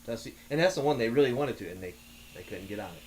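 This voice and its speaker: A man chatting on a talk show, telling long stories with many halting restarts. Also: medium pitch, animated, darkish tone, a little hiss or hum. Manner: rambling storyteller, halting restarts. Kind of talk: casual podcast chat.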